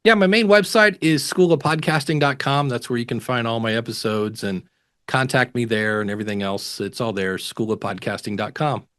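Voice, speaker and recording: A man talks casually as a guest on an interview show, handing out practical advice. He is animated and slips into little voices when he quotes other people. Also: medium pitch, a little fast. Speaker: podcasting guest expert.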